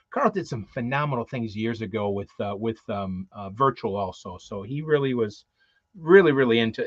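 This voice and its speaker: A man's voice: medium pitch, no room sound. Rambling man co-hosting, dull lo-fi sound. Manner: rambling, many fillers and restarts. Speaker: co-host. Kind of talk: casual show chat, previewing guests. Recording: dull lo-fi, dry.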